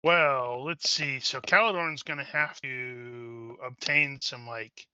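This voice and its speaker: A man playing in a tabletop game, chatting casually with quick questions. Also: medium pitch, pushed and bright, clear, resonant tone, no echo, highs cut off. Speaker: player.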